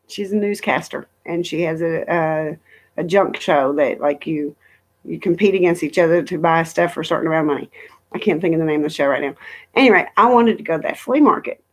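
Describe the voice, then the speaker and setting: A middle-aged woman chatting casually on a live stream from home, rambling through travel stories and reading viewer comments aloud. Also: fairly low pitch. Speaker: livestream host.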